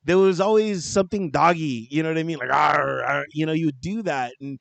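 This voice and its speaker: A man's voice: on the high side, fast, no echo. A man co-hosting a podcast, chatting in a jokey way, laughing often and repeating "you know what I mean". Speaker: podcast co-host. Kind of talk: casual chat.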